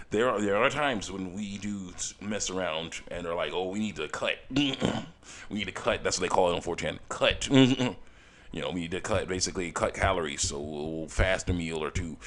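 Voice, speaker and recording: Rambling low-voiced man telling a story. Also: moderate pace, fairly bright tone. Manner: rambling, many restarts and chuckles, acts out quoted voices. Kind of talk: casual storytelling while working on a game mod.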